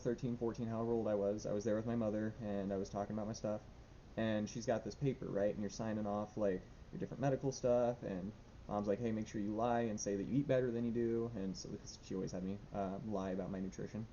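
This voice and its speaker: Anxious young man, rambling diary vlog, mellow lowish voice, lo-fi recording with faint rumble. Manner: rambling, nervous, lots of fillers and restarts. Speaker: vlogger.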